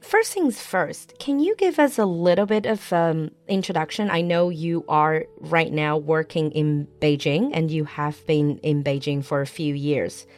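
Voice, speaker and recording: Lower-pitched woman hosting a podcast. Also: measured pace, hardly any pauses, darkish tone, faint music behind. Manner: upbeat, friendly, asks questions. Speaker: podcast host.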